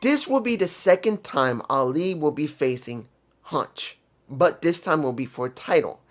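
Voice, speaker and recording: A man's voice: fairly high pitch, animated, a little slow. A man casually reviewing a wrestling show, rambling and circling back to correct himself.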